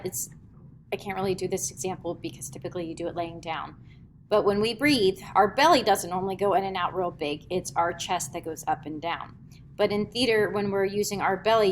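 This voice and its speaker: A woman teaching a middle school theatre class in a classroom lecture, chatty, filling pauses with "um" and demonstrating as she explains. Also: fairly low pitch, slight background noise.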